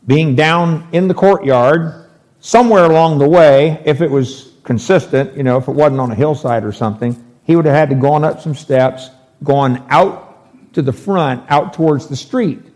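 A man's voice: on the high side, a little mellow. A man preaching a verse-by-verse sermon, explaining scripture with emphatic, folksy asides.

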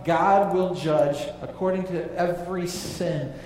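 A man preaching a sermon, emphatic, dropping low and quiet on key phrases. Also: steady tone, slow, far from the mic, a little hiss or hum. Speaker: pastor. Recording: echoey hall, voice from off-mic.

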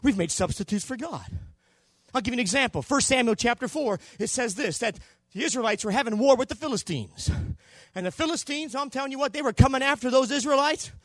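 A man preaching a sermon in a church, swinging between loud shouting and quieter low passages. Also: a little fast, no echo. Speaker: pastor.

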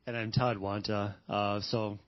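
Hesitant man, lowish voice, dull sound. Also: little pitch movement, a little slow, dry recording. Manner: hesitant, many fillers and restarts. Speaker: panel guest. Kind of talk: unscripted testimony.

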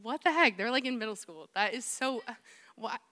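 A young woman gives a sermon as a youth pastor, with a fairly high, bright and forceful voice. She tells stories in a lively, chatty way and pokes fun at herself along the way. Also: fairly quick. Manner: animated, chatty, with playful self-mocking asides. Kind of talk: sermon with personal storytelling.

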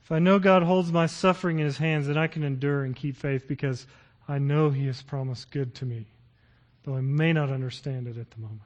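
Middle-aged male pastor, fairly high voice, earnest sermon delivery that swells into fervent scripture reading. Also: steady tone, fairly quick.

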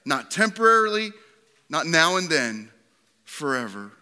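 A man in his thirties preaching a sermon, swinging from high, impassioned appeals to quiet, tender readings. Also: moderate pace. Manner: impassioned preaching, voice rising high then dropping soft. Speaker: pastor.

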